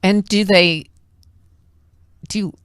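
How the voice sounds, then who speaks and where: This is a woman hosting an interview, asking questions and reacting to each answer. Her voice has a middle pitch and a conversational tone. The recording is dry, with no room sound. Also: steady tone, drawn-out words, clean tone, dry recording. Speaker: talk show host. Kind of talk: casual interview chat.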